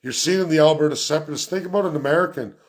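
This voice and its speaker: A man giving an unscripted political rant as a vlogger, talking quickly and emphatically and repeating phrases for effect. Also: fairly high pitch. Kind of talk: unscripted ranting monologue.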